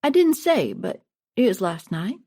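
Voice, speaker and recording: A woman's voice: mid-range voice, huge pitch swings, a little slow, dark tone, husky, full character voice. A woman reading a storybook, voicing an eager, talkative young man from a small town who answers questions in a friendly way.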